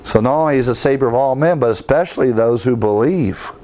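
A man's voice: mid-range voice, a little fast, darkish tone. Man teaching theology, quoting scripture. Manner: reads verses aloud with emphasis, conversational asides. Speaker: Bible teacher. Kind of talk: theology lecture.

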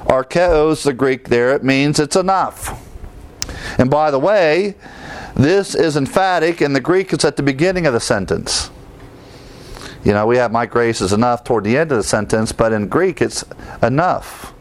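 A man's voice: mid-range voice, animated, slight background noise. A male preacher teaching through Bible verses, explaining them and asking his listeners rhetorical questions. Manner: explains verse by verse, often pausing to restart.

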